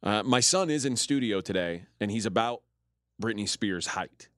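A man's voice: lowish voice, expressive, a bit bright, no room sound. A man co-hosting a sports radio show, teasing and bantering in a studio. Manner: playful, teasing, quick to laugh. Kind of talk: casual sports talk banter. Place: radio studio in Las Vegas. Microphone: studio microphone.

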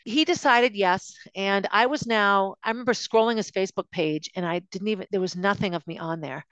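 A woman's voice: mid-range voice, a little fast, a bit bright, clear, resonant tone, no room sound, muffled recording. Confiding woman telling her own story. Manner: emotional, confiding, with frequent restarts. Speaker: podcast host recounting her own life. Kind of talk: personal storytelling monologue.

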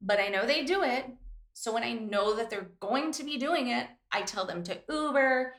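A woman in her forties, co-hosting a podcast, telling lively stories in casual chat and swearing freely. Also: a little high, moderate pace. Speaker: podcast co-host. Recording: roomy echo.

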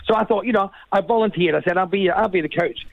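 An Australian man telling rambling, animated stories as a guest over the phone, often laughing at himself. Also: high-pitched, quick pace, vocal fry, no room sound, narrow, tinny audio. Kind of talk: casual storytelling.

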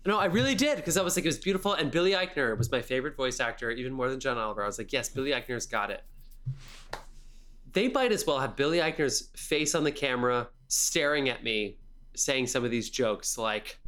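Medium-pitched and brisk, this young man co-hosts a podcast where he vents about a film. Expect heavy swearing, animated energy, and sarcastic quotes.

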